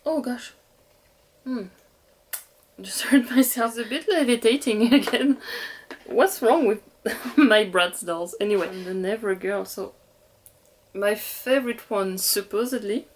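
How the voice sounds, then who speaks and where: A young woman who vlogs about doll collecting speaks a little slowly in a fairly high voice, leaving long pauses. Her French accent comes through as she gushes, giggles, and chats casually with viewers over the dolls she's unboxing.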